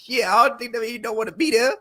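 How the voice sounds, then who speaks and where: A man co-hosting a casual sports podcast, arguing in an animated, slangy way full of repeated phrases. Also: extremely high pitch, quick pace. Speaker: podcast co-host.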